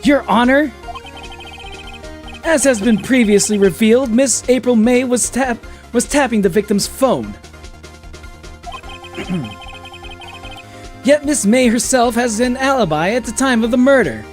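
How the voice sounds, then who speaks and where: A man's voice: very high-pitched, animated, unhurried, long pauses, soft background music, pitched above the performer's own voice. A man voicing an earnest young male defense lawyer in a courtroom game, firm and assertive.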